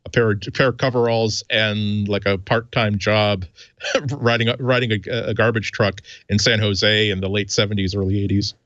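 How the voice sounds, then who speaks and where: A man with a lowish voice muses wryly as a panelist in a casual tech chat. His audio sounds dull and muffled but dry. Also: fairly even intonation, normal speed, a bit bright, no room sound.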